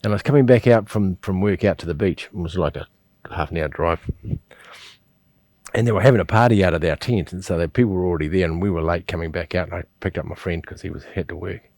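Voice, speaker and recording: A man's voice: deep voice, fast, darkish tone, no echo. A middle-aged man, teaching a qigong class and telling rambling stories with chuckles and restarts. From New Zealand. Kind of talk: instructional class with personal storytelling.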